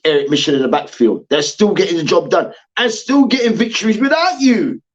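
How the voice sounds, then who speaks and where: A man's voice: high voice, brisk, lo-fi sound. Fired-up man ranting about sports. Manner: animated, profane, repeats his points for emphasis. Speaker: sports debate show host. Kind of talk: heated sports rant.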